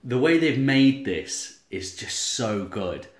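An Englishman chats enthusiastically about a film, joking and laughing easily. His pitch swings up and down as he talks. The room has a noticeable echo. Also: sing-song, takes it slowly. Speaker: podcast co-host. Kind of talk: casual chat.

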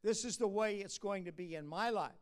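Preacher, male, high-pitched, easygoing sermon delivery with frequent uh fillers and emphatic swells. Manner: conversational preaching, rises to emphatic, drops low and soft at asides; halting restarts and drawn-out uh fillers. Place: church conference.

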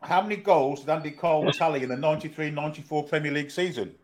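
A man reading quiz questions in a slightly high voice, listing the answer options one by one. A faint hiss and some clicks sit under his voice. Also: quick pace. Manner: reads questions and multiple-choice answers. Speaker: co-host quizmaster. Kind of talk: casual live-stream quiz.

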